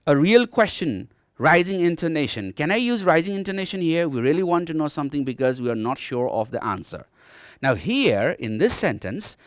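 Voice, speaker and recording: A man with a Nepali accent and a slightly high voice teaches English grammar in a televised distance-learning lesson, recorded cleanly in a TV studio with no room sound. He explains patiently, says "okay" often to check in, and demonstrates rising and falling tones.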